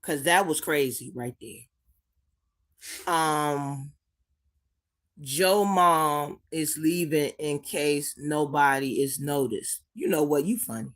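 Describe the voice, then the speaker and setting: A woman's voice: deep voice, takes it slowly, fairly bright tone. A woman hosting a live chat, speaking tenderly and calling people sweetie and baby, holding back tears as she repeats herself. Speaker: livestream host reading chat.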